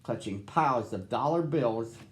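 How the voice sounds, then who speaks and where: Expressive man reading a storybook. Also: mid-range voice, unhurried, roomy sound, slight background noise. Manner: expressive, addressing children. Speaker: storyteller for children.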